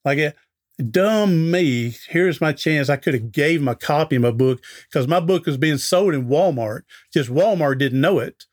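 Speaking at normal speed in a fairly high-pitched voice, a middle-aged author and speaker shares a folksy anecdote as an interview podcast guest. He's chatty and acts out the dialogue.

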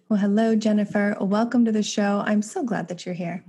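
Woman podcast host with gravelly edge. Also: mid-range voice, steady tone, moderate pace, few pauses, dark tone, faint music behind. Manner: upbeat, enthusiastic ad delivery. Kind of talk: podcast intro and ad reads.

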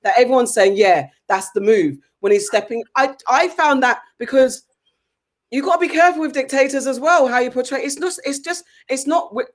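A woman in a casual group chat, impassioned and halting, often restarting her sentences. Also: sits high. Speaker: podcast co-host.

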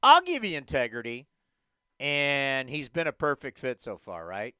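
A man's voice: mid-range voice, wildly swooping pitch, a little slow, bright, forceful tone, clean tone, no room sound. A man hosting a sports talk show, ranting emphatically with rhetorical questions.

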